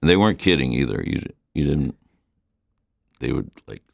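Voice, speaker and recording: A man's voice: a bass voice, lively intonation, normal speed, gravelly, dry recording, studio quality. A middle-aged man with a mixed, hard-to-place accent, a musician chatting in an interview in a rambling, laid-back way. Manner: rambling, laid-back, lots of "you know". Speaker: musician guest. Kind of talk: casual interview chat.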